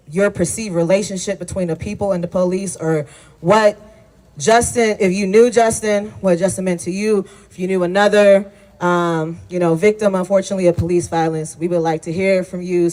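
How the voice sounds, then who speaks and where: High-voiced rally emcee leading chants. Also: male voice. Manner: rhythmic chanting, shouting. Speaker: rally organizer. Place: outdoor street rally.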